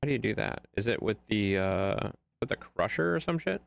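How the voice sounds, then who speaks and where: A man's voice: lowish voice, lively intonation, a little fast, creaky, no echo. A man streaming a game late at night, chatting loosely with viewers and his dog and swearing freely. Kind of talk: casual livestream gameplay commentary.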